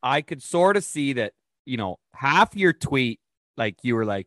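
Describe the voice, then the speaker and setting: A man's voice: mid-range voice, moderate pace, dry recording, studio quality. A man hosting a podcast over a video call, chatting casually, rambling and laughing easily. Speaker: podcast host. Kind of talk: casual chat.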